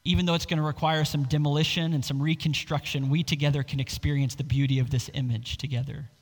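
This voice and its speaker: A male pastor delivers an earnest, expressive sermon in a slightly higher-than-usual voice. His words ring out with a long hall reverb, as in a church sanctuary. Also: quick pace. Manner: earnest, expressive preaching with emphatic quoted lines.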